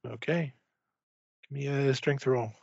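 A man narrating a tabletop game as game master, speaking haltingly with many filler pauses. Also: mid-range voice, fairly even intonation, gravelly, a little mellow, husky, no echo. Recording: dull lo-fi dry recording.

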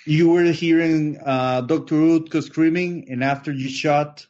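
Man, game master, slow halting narration, lots of fillers, muffled lo-fi voice chat. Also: a little high, steady tone, darkish tone. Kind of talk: narrating a tabletop horror game. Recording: dull lo-fi online voice chat.

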